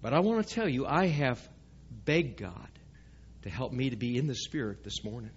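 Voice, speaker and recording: A man's voice: mid-range voice, animated, moderate pace, slightly rough, lo-fi sound. A man preaching a sermon to his congregation in a church, speaking conversationally and often asking the listeners questions. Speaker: pastor. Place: church sanctuary.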